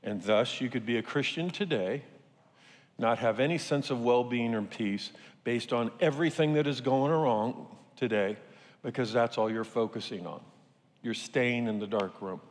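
A man's voice: mid-range voice, normal speed, in a large hall. A male pastor preaching a conversational sermon, repeating key phrases and acting out quotes.

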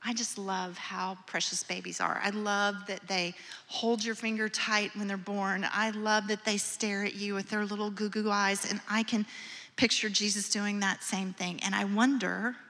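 A woman, a mother herself, retelling a scripture story as a gentle, imaginative sermon with hushed moments. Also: mid-range voice. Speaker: preacher or speaker. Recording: long hall reverb.

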